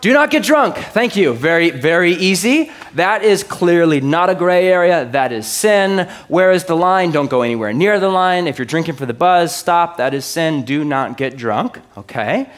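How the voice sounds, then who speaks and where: A man's voice: a little high, expressive, normal speed, few pauses. A man in his thirties preaching a sermon in a loose, joking style, often checking in with his listeners. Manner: conversational, joking, asks the crowd often. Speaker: pastor.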